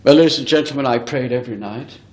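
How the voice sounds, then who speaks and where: A man's voice: medium pitch, quick pace, darkish tone. Earnest man lecturing in an echoey hall. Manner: earnest, emphatic, often addresses the audience directly. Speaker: spiritualist medium giving a lecture. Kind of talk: storytelling lecture to an audience.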